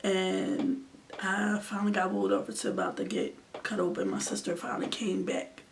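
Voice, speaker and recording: A woman in her twenties, a vlogger, delivers an emotional storytime in a flat, mid-range voice with vocal fry at a moderate pace. Earnest throughout, she sometimes sinks nearly to a whisper; a distant mic picks up faint background noise.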